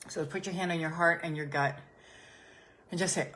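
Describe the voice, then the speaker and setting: A woman podcast host and business coach leading listeners through a gentle healing exercise, soothing and repetitive. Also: on the low side, fairly even intonation, normal speed, long pauses. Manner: soothing, gentle, repeats phrases softly.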